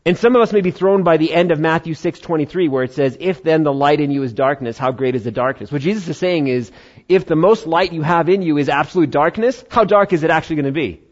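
An American man preaching a sermon in a conversational style, with quick quoted asides. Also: fairly high pitch, highs cut off. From United States. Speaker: pastor.

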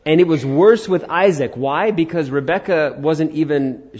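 A male pastor preaches a Sunday sermon in a husky, slightly rough voice, talking conversationally and acting out the quotes. The sound is dull and muffled. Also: on the high side, moderate pace, darkish tone.

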